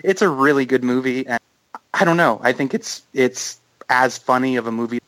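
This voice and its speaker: Bright-voiced earnest male podcaster. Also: mid-range voice, fairly even intonation, moderate pace, dry recording, poor audio. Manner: earnest, talks in long runs with ums and restarts. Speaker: podcast co-host. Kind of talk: casual film chat.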